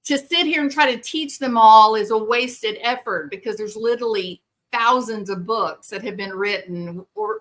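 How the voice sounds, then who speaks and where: Woman, therapist-host type, earnest and lively monologue, bright and forward tone. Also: medium pitch. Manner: earnest, animated storytelling with quoted voices. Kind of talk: conversational monologue.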